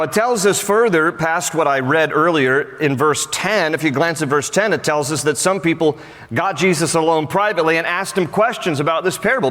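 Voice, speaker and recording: A man preaches a sermon in a relaxed, conversational way, slipping in jokes and animated asides. His voice sits a little higher than most men's. The sanctuary around him adds a long, ringing reverb. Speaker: pastor.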